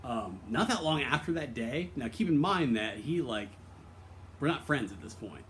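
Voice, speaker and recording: A man at a middle pitch pours out a rambling personal confession. His talk is candid and earnest, laced with swearing, and full of false starts and fillers as he circles his point. A faint hum of background noise sits under his voice. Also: expressive, normal speed, a bit bright. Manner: earnest and emotionally open. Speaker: vlogger.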